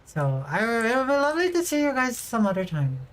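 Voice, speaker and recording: A woman's voice: fairly high pitch, sing-song, brisk, poor audio. A young adult woman livestreaming as a VTuber, chatting casually and giggling as she reads and answers her viewers' messages.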